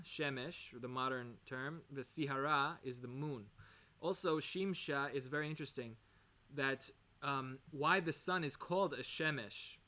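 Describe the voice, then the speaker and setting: Bright-voiced man teaching a casual lesson. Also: on the high side. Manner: digressive, with many fillers and self-corrections; mixes Hebrew terms into English explanations. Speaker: Torah teacher. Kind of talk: informal recorded lesson.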